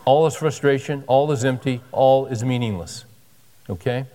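Emphatic preacher in a big hall. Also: male voice, medium pitch, moderate pace, mellow. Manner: conversational, emphatic preaching with repetitions. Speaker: pastor. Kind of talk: sermon. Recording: long hall reverb.

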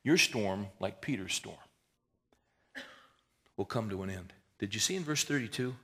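A man preaching a sermon in a folksy, conversational way, rising to emphatic swells and dropping to hushed prayer. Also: fairly low pitch, expressive, moderate pace. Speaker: pastor.

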